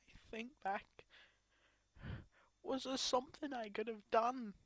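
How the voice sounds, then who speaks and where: A woman crying as she talks to her camera in a grieving personal vlog, her speech halting and broken by sobs and restarts. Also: on the high side, fairly even intonation, no echo. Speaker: vlogger.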